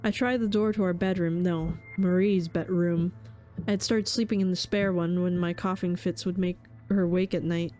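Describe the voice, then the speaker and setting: A woman's voice: lowish voice, steady tone, normal speed, warm tone, soft background music. A woman streamer reading a horror visual novel aloud in a somber, dramatic way, with casual asides.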